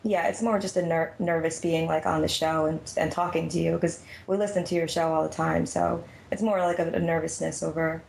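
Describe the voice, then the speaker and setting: Low gravelly nervous lady lying down, flat voice, echoey room. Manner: halting, repeats words. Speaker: caller. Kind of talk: emotional phone conversation. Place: lying down at home.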